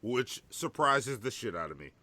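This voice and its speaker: A man co-hosting a podcast in casual chat, swearing freely and giving lively opinions. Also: mid-range voice, moderate pace, dry recording. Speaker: podcast co-host.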